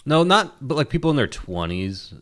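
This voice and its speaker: A man's voice: a little high, sing-song, normal speed. A man co-hosting a podcast in casual chat, telling rambling jokey stories. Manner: joking, rambling storyteller. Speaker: podcast co-host.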